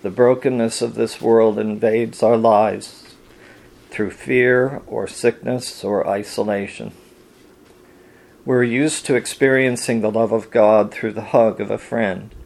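A man with a low, gravelly voice delivers a quiet devotional sermon, reading scripture aloud and leading a prayer. He speaks very slowly, gently and reflectively, like a pastor comforting a congregation. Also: fairly even intonation.

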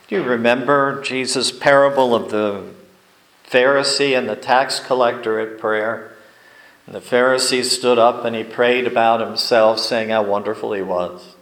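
A male pastor preaching from the pulpit, spinning folksy anecdotes with unhurried, deliberate pauses. His voice rings through a roomy church sanctuary, and it sits at an ordinary middle pitch for a man. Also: a bit bright. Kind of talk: sermon.

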